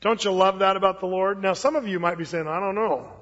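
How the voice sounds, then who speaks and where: A man's voice: high voice, fairly even intonation, fast, fairly bright tone. A man giving a sermon as a pastor, speaking in a conversational preaching style with folksy asides. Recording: dull lo-fi recording in a reverberant hall.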